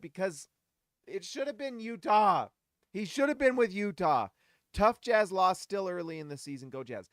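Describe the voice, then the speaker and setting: A man hosting a basketball fan show, giving casual post-game commentary in an animated, exasperated rant, often talking straight to his audience. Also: high voice, dry recording, clean studio sound. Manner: talks straight to the audience, shouts at players.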